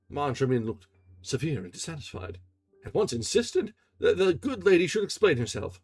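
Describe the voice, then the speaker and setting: Man, live audiobook reader, expressive, lively pitch, husky, faint music behind. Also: normal speed. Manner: expressive reading, with small restarts. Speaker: reader and streamer.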